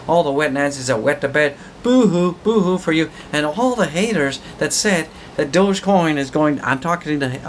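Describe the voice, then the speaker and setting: A man hosting a crypto channel, excitedly talking through market charts, whooping and riffing with repeated words. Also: a little high, a little hiss or hum. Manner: repetitive, riffing wordplay. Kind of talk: hyped market commentary vlog.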